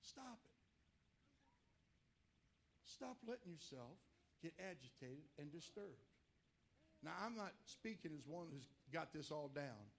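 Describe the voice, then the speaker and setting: Male preacher, slightly higher voice, lively, swings quiet to loud. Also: slow pace, vocal fry, long pauses, a little hiss or hum. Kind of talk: sermon.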